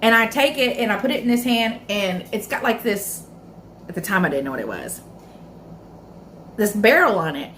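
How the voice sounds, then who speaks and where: A woman vlogger telling a personal story in a casual mukbang storytime, chatty and animated, acting out her own past reactions and calling viewers "y'all.". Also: mid-range voice, normal speed, pauses often, a little hiss or hum. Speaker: food vlogger.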